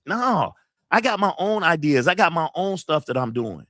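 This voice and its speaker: A man's voice: sits high, animated, normal speed, bright, forceful tone, dry recording, studio quality. Upset man venting on a livestream. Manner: emotional, blunt and profane, reading chat messages aloud. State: upset, near tears. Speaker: channel host. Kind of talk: casual livestream venting to camera.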